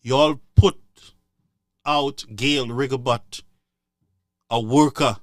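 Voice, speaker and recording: A man's voice: medium pitch, fairly even intonation, very slow, no room sound, clean studio sound. A man giving impassioned political commentary, scolding listeners in a repetitive, sarcastic way.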